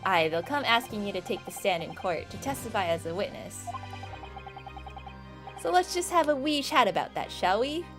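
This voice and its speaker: A woman's voice: medium pitch, sing-song, normal speed, lightly acted. A woman voicing a scheming middle-aged Irish man who gives menacing orders, with a put-on Irish accent and game music behind. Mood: threatening. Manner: commanding, threatening.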